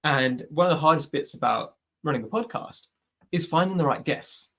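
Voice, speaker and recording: A slightly high, expressive voice, creaky yet fairly bright, moves at normal speed. It belongs to a British podcast host answering a live online Q&A on a video call, chatty and giving advice while often adding "like" and "right?".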